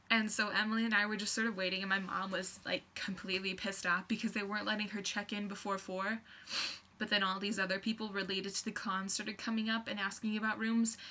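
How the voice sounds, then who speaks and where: A young woman telling a story on her vlog, excitable and rambling, full of fillers and restarts. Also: medium pitch. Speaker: vlogger.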